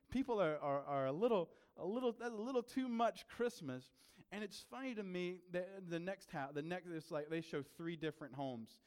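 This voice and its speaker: A man, a pastor, giving a conversational sermon with lively storytelling and frequent asides to the congregation. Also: fairly high pitch, clear, resonant tone.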